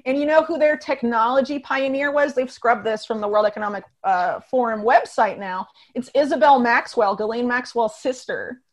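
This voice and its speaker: A woman talks through a long tangent in a casual podcast, piling on fillers and restarts. Her voice sits a little high. The delivery is quick and loose. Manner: fast, rambling, filler-heavy storytelling.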